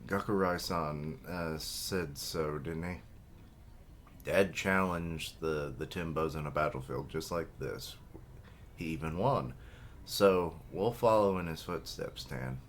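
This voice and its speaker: A man's voice: very deep voice, slow, a little hiss or hum. A man reading as an earnest young archer. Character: young male archer, anxious but determined younger brother.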